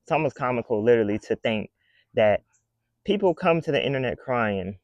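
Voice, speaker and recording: A man's voice: medium pitch, expressive, brisk, no echo, lo-fi sound. A man talking to camera in a casual commentary rant, blunt, emphatic and scolding. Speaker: vlogger.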